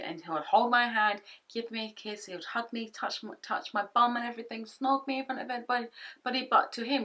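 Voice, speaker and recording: A woman's voice: lowish voice, poor audio. A British woman in her twenties telling a personal story in a storytime vlog, acting out both sides of the conversations. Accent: British English. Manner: animated storyteller, acts out both sides in quotes. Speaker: vlogger. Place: home office. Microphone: camera-mounted shotgun mic.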